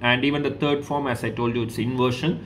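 Man, French teacher, patient, repetitive, medium-pitched voice, slight background noise. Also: fairly even intonation, fast, a bit bright. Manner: patient, repeats each example, says okay often. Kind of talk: online class lesson.

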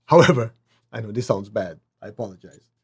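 A man teaching a spiritual lesson, who often checks in with his listeners and acts out little dialogues with big swings in pitch. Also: expressive, a little fast, husky. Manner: asks listeners to check in, "okay?", "make sense?".

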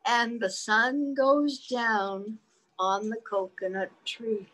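A woman's voice: a little high, fairly even intonation, takes it slowly, a bit bright, low-quality recording. A woman reading a picture book aloud to young children in a sing-song manner, stopping often to ask them questions. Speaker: children's storyteller.

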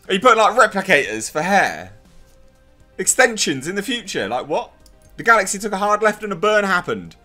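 A man's voice: high-pitched, sing-song, a little fast, sharp tone, faint music behind. Sarcastic man ranting a review. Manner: blunt, sarcastic, filler-heavy rant. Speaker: TV episode reviewer. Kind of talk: casual spoken review.

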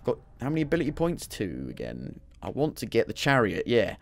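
His pitch swoops wildly around a medium range, and the voice is creaky and fairly quick. He's a man streaming his playthrough, tossing out casual jokes and talking to himself as he goes.

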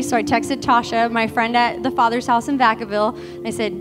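High-voiced chatty woman preacher. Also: quick pace, few pauses. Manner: chatty, emotional, many "like" fillers. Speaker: guest preacher. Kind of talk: conversational sermon. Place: church sanctuary. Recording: music playing behind.

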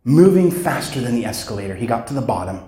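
A man giving a keynote speech at a conference, telling a story with dramatic pauses and acted-out sounds. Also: mid-range voice, big pitch swings, mellow. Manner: dramatic storyteller, acts out sounds and voices, slows for emphasis. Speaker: keynote speaker. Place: conference hall. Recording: echoey hall sound.

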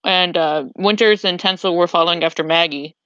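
On a podcast, a woman casually recaps a tabletop game, rambling and restarting sentences as events come back to her. Her voice is on the low side and a bit bright, and she speaks a little fast. The dry recording sounds slightly muffled.

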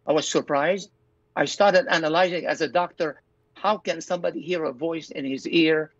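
A man's voice: on the high side, steady tone, normal speed, no echo. An older man, a pastor and doctor, telling his personal testimony as an interview guest in an earnest, storytelling way. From Lebanon. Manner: earnest storyteller, acts out his own quoted thoughts. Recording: dull, dry lo-fi recording.

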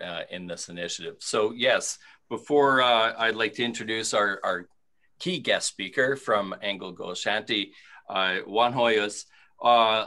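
A man hosting a webinar over a video call, introducing a guest in a measured way with frequent fillers. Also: fairly low pitch, pushed and bright. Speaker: webinar host.

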